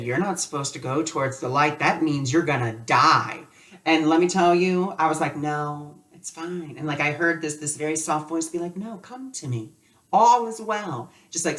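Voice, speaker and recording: A man's voice: a little high, a bit bright, distant mic. A man teaching a spiritual lesson in a loose, conversational way, telling personal stories with lots of casual fillers.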